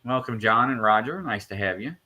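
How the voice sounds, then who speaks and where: A man's voice: mid-range voice, expressive, brisk, bright, forceful tone. A man hosting a casual live podcast, reading listener questions and teasing his co-hosts with a playful, laughing manner.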